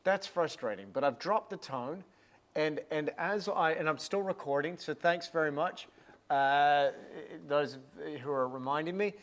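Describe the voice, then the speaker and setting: Man, middle-aged, painting instructor, excited, rambling, livestream talk. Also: fairly high pitch, a little slow. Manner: energetic, enthusiastic, rambling with restarts. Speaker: art teacher hosting a livestream. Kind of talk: casual livestream chat while painting.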